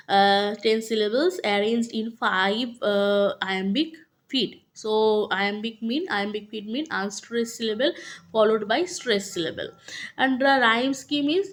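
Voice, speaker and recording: Slow, hesitant Indian woman teacher. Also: a little high. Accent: Indian English. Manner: hesitant, many fillers and restarts. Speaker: literature teacher. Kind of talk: slow lecture explaining a poem.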